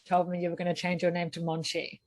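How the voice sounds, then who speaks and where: A woman's voice: on the low side, monotone, quick pace. A young woman speaking as a podcast guest, chatting casually in a frank, sarcastic, joking way. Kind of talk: casual chat.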